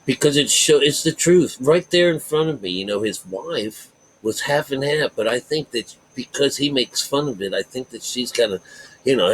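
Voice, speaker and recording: A man's voice: mid-range voice, expressive, moderate pace, a little hiss or hum, low-quality recording. A man teaching about the Bible in a rambling way, circling back to repeat his points and leaning hard on key words. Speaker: self-taught Bible teacher.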